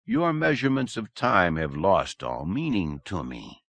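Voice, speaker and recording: A man voicing an old man who speaks under hypnosis with a Slovenian accent and a slow, condescending manner. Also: low-pitched, huge pitch swings, creaky, fairly bright tone, no echo, exaggerated voice. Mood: cold.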